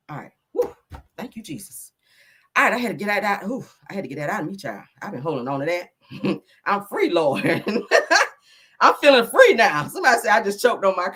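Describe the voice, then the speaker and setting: A woman hosting a live gossip stream, talking loudly and laughing a lot as she reacts to comments. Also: a little high, normal speed. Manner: loud, animated, laughing a lot, Southern Black vernacular slang. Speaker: gossip show host.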